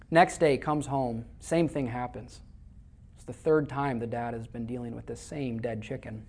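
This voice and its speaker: A man's voice: mid-range voice, steady tone, normal speed. A man from Iowa preaching a sermon to a congregation, telling stories in a conversational way and often repeating words as he starts a phrase. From Iowa, USA. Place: church before a live congregation.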